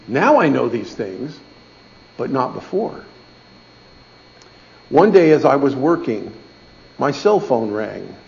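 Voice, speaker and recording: Middle-aged man, gravelly voice, folksy church testimony, dull lo-fi recording. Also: medium pitch, darkish tone, a little hiss or hum. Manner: folksy, conversational, asks "okay?" often. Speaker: speaker giving a testimony in church. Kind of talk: storytelling sermon.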